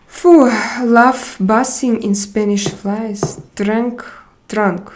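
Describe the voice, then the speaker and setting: Slow, hesitant woman streamer. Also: on the high side, fairly even intonation, darkish tone. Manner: hesitant, searching for words with many pauses. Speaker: livestream host. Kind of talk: casual livestream chat, reading comments aloud.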